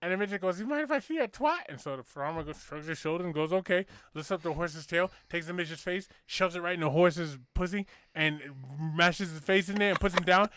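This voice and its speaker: A man's voice: a little high, steady tone, a little fast, hardly any pauses, fairly bright tone, smooth. A man hosting a casual talk show, telling a crude joke with lots of swearing and restarts. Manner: profane, rambling, restarts a lot. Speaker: podcast host.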